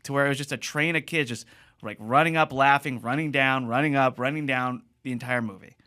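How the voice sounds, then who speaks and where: A man co-hosting a podcast, talking in a lively, loose way and often restarting his sentences. His voice sits in an ordinary middle register. The sound is dry and close, with no room around it. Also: medium pitch, fairly quick, no echo. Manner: animated, laughs often, trails off and restarts. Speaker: podcast co-host. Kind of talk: casual chat.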